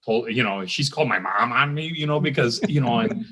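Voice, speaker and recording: A man's voice: mid-range voice, fairly quick, pushed and bright, breathy edge. Guest: man in his fifties, chatty reminiscing storyteller, loose and rambling. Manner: rambling storyteller, many ums and restarts. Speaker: alumni guest. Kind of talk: casual reminiscing.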